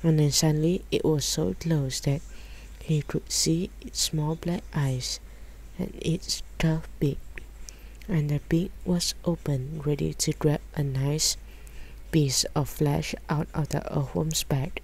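A woman reading a children's book aloud in calm, measured narration. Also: sits low, vocal fry, slightly rough, poor audio. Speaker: storyteller.

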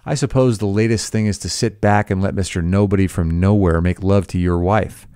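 A man's voice: deep voice, steady tone, a little fast, dark tone, clean tone, dry recording, studio quality, lightly acted. A man reading as a sneering, arrogant rich husband. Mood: scornful. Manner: sneering, incredulous.

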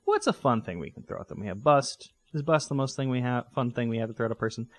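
Rambling, lively gaming commentator man. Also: mid-range voice, fast talker, no echo. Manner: rambling, self-correcting, joking. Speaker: let's play host. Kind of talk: casual gameplay commentary.

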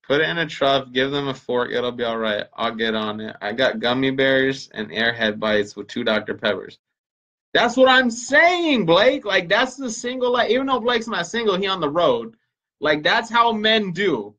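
A man with a slightly high, pushed, bright voice talks at a moderate pace, captured in lo-fi sound. He's a parent hosting a casual livestream, joking with viewers, speaking straight to them, and swearing freely.

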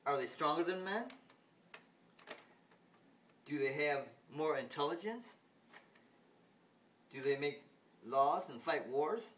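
A man voicing an arrogant alien boy ruler, reading his lines louder and higher than his own voice. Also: moderate pace, recorded from a distance, slight background noise, natural voice. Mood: scornful.

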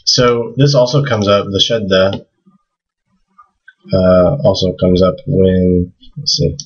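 A man giving a casual language lesson, thinking aloud and slowly repeating words to model their pronunciation. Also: sits low, fairly even intonation, husky, highs cut off. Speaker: language teacher.

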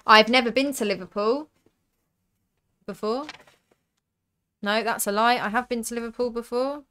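Bright, clear-voiced southern English woman. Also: fairly high pitch, moderate pace, pauses often. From southern England. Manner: chatty, reads out cards and viewer comments. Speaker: streamer opening card packs. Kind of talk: live stream chat.

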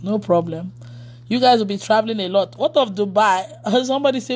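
Woman pastor, chatty and informal, mid-pitched, laughs often, answers viewer comments. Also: brisk, a little mellow. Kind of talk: casual livestream chat with followers.

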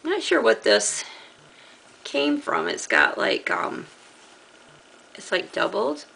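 A middle-aged woman with a gravelly voice, casually chatting as she shows off fabric from a craft haul, rambling and laughing often. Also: fairly high pitch, wildly swooping pitch, takes it slowly, pushed and bright, slight background noise, low-quality recording. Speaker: crafting channel host. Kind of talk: casual haul show-and-tell.

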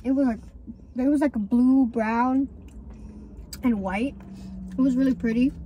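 A woman's voice: high voice, steady tone, unhurried, mellow, a little hiss or hum. A teenage girl, the host's younger sister, chiming in and teasing during a casual eating vlog. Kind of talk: casual chat.

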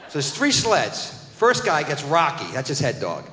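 A middle-aged man doing a stand-up comedy routine, telling a story with profane, animated outbursts. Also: a little high, moderate pace, hardly any pauses, a little hiss or hum. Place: live comedy venue with audience. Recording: echoey live hall recording.

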